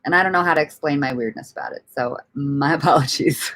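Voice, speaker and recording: A woman's voice: low-pitched, fast, fairly bright tone. A woman hosting a casual livestream, reading out viewer comments and rambling through her thoughts with frequent laughs and casual swearing. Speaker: livestream host.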